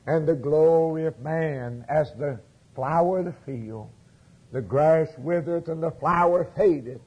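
A man preaching a fervent sermon, swinging from hushed lines to loud exclamations. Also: fairly high pitch, breathy edge, low-quality recording.

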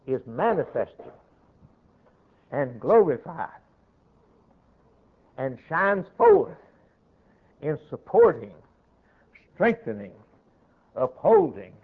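Male pastor, deliberate sermon delivery, emphatic with sharp loud-soft swings, narrow phone-like sound. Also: medium pitch. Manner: emphatic, swings between loud declarations and quiet asides. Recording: tinny, narrow-band old sermon recording.

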